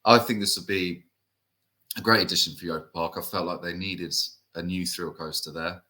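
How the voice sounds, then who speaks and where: A man's voice: sits low, steady tone, brisk, bright, forceful tone. A man from the UK co-hosting an enthusiast show, chatting hesitantly with fillers and tag questions. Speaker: co-host. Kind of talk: casual chat.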